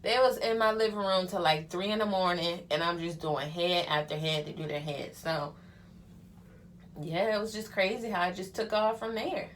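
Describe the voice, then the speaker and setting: Her voice on the low side, a young hairstylist-vlogger walks through her life story while getting ready, chatty and candid with slang like "honey" and "child." Her intonation stays fairly even at a normal speed, over a faint hiss or hum.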